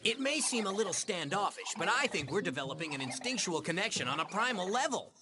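A man's voice: high voice, big pitch swings, fast, noisy background. A hammy, lovestruck young guy. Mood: earnest.

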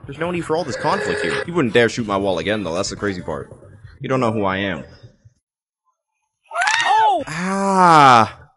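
Excitable young man narrating his gameplay. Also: on the low side, fast talker, noisy background. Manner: excitable, joking, often laughing. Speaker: gaming video creator. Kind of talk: gameplay commentary.

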